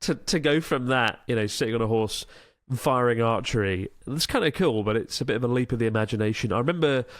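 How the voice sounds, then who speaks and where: A man's voice: mid-range voice, fast talker, no room sound, clean studio sound. A man co-hosting a podcast, chatting casually and telling anecdotes in a loose, conversational way. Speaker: podcast co-host. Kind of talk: casual chat.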